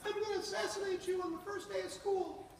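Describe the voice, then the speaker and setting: A man voicing a menacing young prank caller, speaking high and quiet in a sinister way. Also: fairly even intonation, brisk, a little hiss or hum. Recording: echoey hall from far off.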